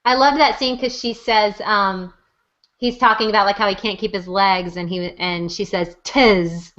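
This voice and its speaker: A woman co-hosting a casual fan discussion, animated and giggly. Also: mid-range voice, moderate pace. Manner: animated, giggly, does impressions. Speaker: podcast co-host. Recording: muffled lo-fi audio.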